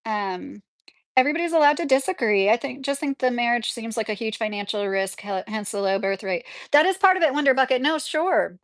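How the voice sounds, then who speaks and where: A woman with a slightly high voice hosts a casual live chat. She talks back to her viewers' comments in a loose, chatty way and laughs often. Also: animated, brisk. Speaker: livestream host reading viewer comments.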